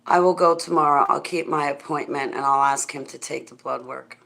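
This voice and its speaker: Low-voiced woman chatting with her viewers. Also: steady tone, a little fast, creaky, a bit bright. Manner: rambling, laughs often, talks straight to viewers. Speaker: livestreamer answering chat. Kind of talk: casual chat.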